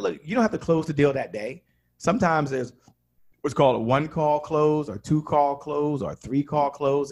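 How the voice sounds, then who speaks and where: A man coaching on sales as a podcast guest, emphatic and animated, acting out little dialogues. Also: a little high, breathy edge.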